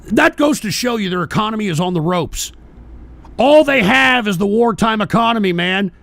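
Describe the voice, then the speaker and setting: Gravelly high-pitched man ranting profanely. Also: lively intonation, moderate pace, dry recording. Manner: profane, combative ranting with frequent shouting; repeats "all right?" and "for Christ's sake". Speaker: radio show host. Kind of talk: political call-in rant.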